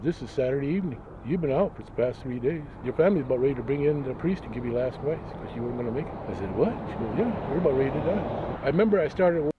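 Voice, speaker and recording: Fast-talking man recounting his life outdoors. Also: mid-range voice, lively intonation, phone-quality sound, noisy background. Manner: rambling, vivid retelling with quoted voices. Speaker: interviewee, religious leader. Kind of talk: personal storytelling in interview. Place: outdoors near a road.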